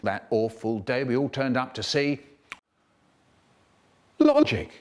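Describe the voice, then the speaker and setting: With a medium-pitched voice and a slow pace, a man tells comic stories from his childhood, animatedly acting out the voices of the people in them. He's a storyteller, and this is remixed comic storytelling.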